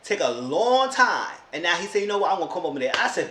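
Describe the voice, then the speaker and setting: A man's voice: high voice, sing-song, fast, pushed and bright. A man giving a casual, sassy recap of a reality show, exasperated and often mimicking the people he talks about. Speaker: TV show reviewer. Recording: echoey room with faint noise.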